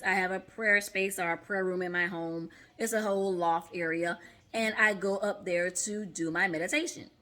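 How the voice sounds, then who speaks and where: Bright-voiced woman coaching on breathing. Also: medium pitch. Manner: conversational, often checks in with "okay?"; demonstrates breathing aloud. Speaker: therapist and mindfulness coach. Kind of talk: casual instructional vlog.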